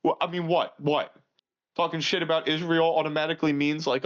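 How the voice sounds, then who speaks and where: On a casual podcast, a co-host with a fairly high-pitched voice delivers an expressive, crude rant at a slightly fast clip. He swings from loud bursts to muttering, and the recording sounds muffled and lo-fi.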